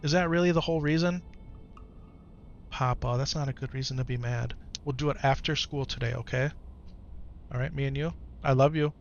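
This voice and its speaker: A man in his thirties at home, talking gently and patiently to his young son, then chatting casually with his live-stream viewers. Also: mid-range voice, fairly even intonation, a little fast, long pauses, dull audio. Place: home, in the morning. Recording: clear background music under voice. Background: music.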